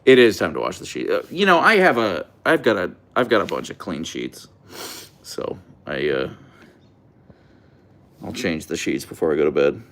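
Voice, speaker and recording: Gravelly man chatting lively on a stream. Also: moderate pace, long pauses. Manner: playful, baby-talks to his dog with high pitch jumps. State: sleep-deprived. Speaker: livestream host with pet huskies. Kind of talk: casual livestream chat to pets and chat.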